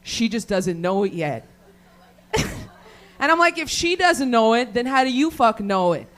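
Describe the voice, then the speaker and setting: A woman's voice: fairly high pitch, expressive, moderate pace, a bit bright. A woman doing a raunchy stand-up set, rambling, swearing constantly and laughing at her own jokes. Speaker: stand-up comedian. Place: comedy show venue with live audience.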